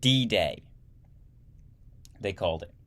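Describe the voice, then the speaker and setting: Low-voiced man reading history text aloud, trips on words and fixes them, drops dry side comments. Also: lively intonation, slow pace, fairly bright tone. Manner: stumbles and corrects himself while reading, adds wry asides.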